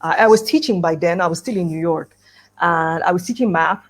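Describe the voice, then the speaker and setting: A woman's voice: lowish voice, a little fast. A middle-aged woman speaking at an education conference, telling a personal story and acting out the dialogue, with light laughs. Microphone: video call.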